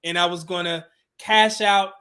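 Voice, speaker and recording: Guy with a high bright voice, casual storytelling, lots of "you know"s, cusses here and there. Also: steady tone, measured pace. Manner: casual, with frequent "you know" fillers and swearing. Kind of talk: candid personal storytelling.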